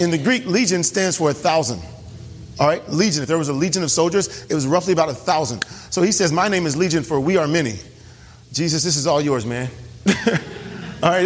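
A man's voice: fairly high pitch, breathy edge, big-room sound. A male pastor preaching a sermon in a church, emphatic and often asking the congregation questions.

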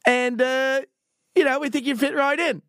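A man's voice: very high voice, steady tone, normal speed, a bit bright, no echo, studio quality, voice pushed up. A man voicing a cheery male Australian tennis boss on the phone, breezy and chummy, with an Australian accent. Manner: breezy, chummy, says mate.

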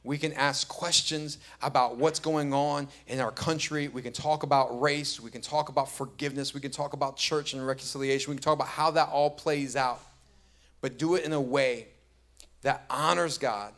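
Storytelling pastor preaching a sermon. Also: male voice, medium pitch, fairly even intonation, moderate pace, fairly bright tone. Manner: conversational storytelling, rising to emphatic repetition.

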